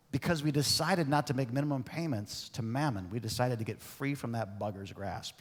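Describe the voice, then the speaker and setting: A man preaching a sermon as pastor, animated and conversational, often asking the congregation questions. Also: medium pitch, fairly quick, hardly any pauses. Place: church sanctuary. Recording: long reverb of a church hall.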